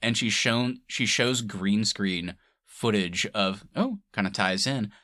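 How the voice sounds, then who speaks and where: Lively laughing podcast host man. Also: on the low side, slow pace. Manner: laughs often, lively retelling. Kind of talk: casual chat.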